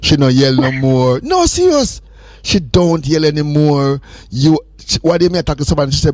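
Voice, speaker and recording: A man hosts a radio call-in, his voice bouncing all over with lively, sing-song teasing. He sits slightly higher than most men and sounds close and dry, with no room around him. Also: moderate pace, dry recording. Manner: playful teasing, animated, sing-song questions. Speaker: radio host. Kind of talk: casual call-in chat.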